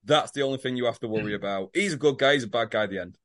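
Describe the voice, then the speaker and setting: A man's voice: medium pitch, racing, a bit bright. Teasing man on a podcast. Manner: teasing, correcting his co-host, sweary. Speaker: podcast co-host. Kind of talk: casual chat.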